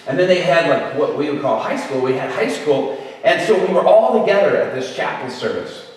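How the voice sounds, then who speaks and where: A man's voice: on the high side, a little fast. A middle-aged man telling a humorous story as a guest speaker, acting out the voices of the people in it. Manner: animated storytelling, acts out voices. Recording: echoey hall from far off.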